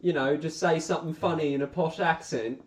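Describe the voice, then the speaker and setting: A man's voice: a little high, steady tone, a little fast, far from the mic. An Australian man co-hosting a review show, chatting in a laid-back, rambling way. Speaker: podcast co-host. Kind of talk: casual review chat. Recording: echoey room, away from mic.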